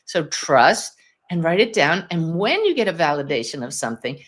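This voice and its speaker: Podcast host, woman, medium; lower-pitched, warm storytelling energy, chatty, laughs easily. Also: very animated, normal speed. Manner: enthusiastic, chatty, laughs often. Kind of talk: live Q&A podcast, teaching and storytelling.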